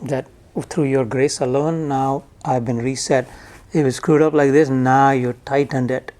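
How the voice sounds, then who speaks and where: A man teaching scripture to a room of listeners, his voice sitting at an ordinary middle pitch. He talks in a loose, conversational way, stopping to unpack each Sanskrit word and its meaning. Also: darkish tone. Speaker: Gita teacher. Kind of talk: spiritual lecture to a live audience.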